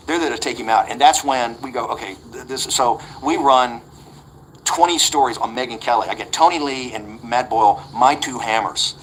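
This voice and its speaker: A man's voice: mid-range voice, a bit bright, slight background noise, low-quality recording. A man in his sixties telling an interview story, blunt and combative, often restarting and repeating words. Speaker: interview guest.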